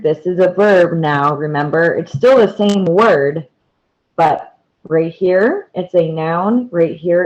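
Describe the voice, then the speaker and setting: Woman teacher, measured and deliberate, repeats key words, slow delivery, lo-fi sound. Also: lowish voice, a little mellow. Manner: patient, repeats key words and points to examples. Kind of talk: slow, deliberate classroom explanation.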